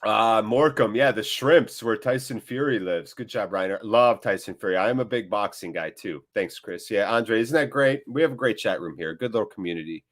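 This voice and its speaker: A man's voice: fairly low pitch, fairly quick, hardly any pauses. A man hosting a live football watchalong, chatting playfully and answering viewers by name. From United States. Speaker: host of a fan channel. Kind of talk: live match watchalong commentary and chat.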